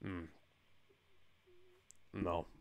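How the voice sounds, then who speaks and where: A man's voice: drawn-out words, dry recording. Dry-voiced man reading a book aloud. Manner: wry, deadpan asides. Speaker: podcast host and reader.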